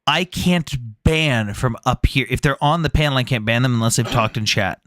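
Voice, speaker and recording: A man's voice: medium pitch, normal speed, a bit bright, no echo, clean studio sound. A man hosting a casual livestream chat, telling stories animatedly and mimicking other people's voices. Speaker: livestream debate host.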